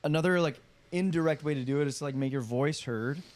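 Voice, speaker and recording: Man, podcast co-host, raised pitch, rambling, repeats himself. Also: fast. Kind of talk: casual chat.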